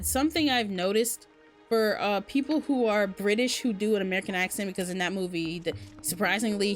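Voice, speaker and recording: A young woman with a Southern US accent, giving rambling, chatty commentary while she plays a video game. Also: medium pitch. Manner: chatty, rambling, many fillers. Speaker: game streamer. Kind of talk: casual gaming commentary.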